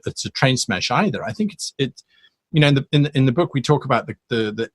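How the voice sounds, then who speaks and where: A man's voice: medium pitch, a bit bright, husky, no echo. Man, dry close sound. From South Africa. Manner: thoughtful, rambling with many restarts. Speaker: guest, game master YouTuber. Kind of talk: casual interview chat.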